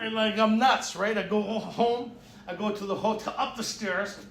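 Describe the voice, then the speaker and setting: A man's voice: sits high, moderate pace, background noise. A man speaking at a recovery retreat, telling a personal testimony and acting out the dialogue, often laughing. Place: retreat meeting room. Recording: echoey room, mic far off.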